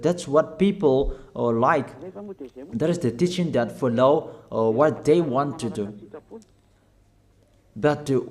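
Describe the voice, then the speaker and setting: A man preaching a sermon, urging his listeners with repeated commands and slow, halting phrasing. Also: medium pitch, a little mellow. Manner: emphatic, repetitive exhortation.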